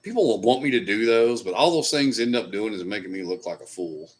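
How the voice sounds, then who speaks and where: A man's voice: on the low side, animated, fairly quick. A man hosting a casual live stream, chatting loosely with viewers and swearing now and then. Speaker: livestream host. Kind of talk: casual live chat reading comments.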